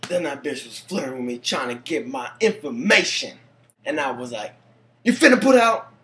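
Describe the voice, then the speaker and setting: A man's voice: mid-range voice, expressive, normal speed, sharp tone, a little hiss or hum. A man playing a rowdy young man from the reservation, bragging in crude slang in a comedic parody monologue.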